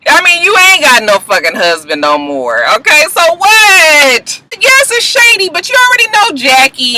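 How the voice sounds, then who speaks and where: A woman rants through a reality-show recap with a casual, profane edge. Her voice is very bright and sharp. She keeps the talk animated, dropping into mocking voices of the cast. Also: high voice, slight background noise, low-quality recording. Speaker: YouTube reality-show reviewer. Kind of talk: casual vlog review.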